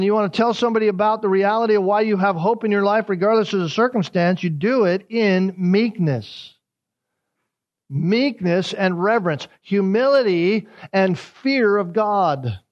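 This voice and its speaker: A male pastor preaches verse by verse and leans on repetition to drive each word home. His voice sits a little high for a man. The recording is dull and lo-fi, with muffled highs. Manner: emphatic, repeats key words for emphasis. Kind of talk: expository sermon.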